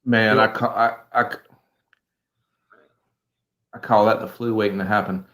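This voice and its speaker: A man, a guest in a casual livestream chat on a video call, speaking in a relaxed, laid-back way. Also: fairly low pitch, unhurried. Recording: echoey room.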